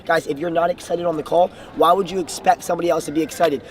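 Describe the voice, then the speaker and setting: A man's voice: on the high side, steady tone, fast talker. A young man from the Bahamas coaching viewers with earnest, enthusiastic sales advice. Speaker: sales trainer. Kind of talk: motivational coaching talk. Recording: distant mic, faint street noise.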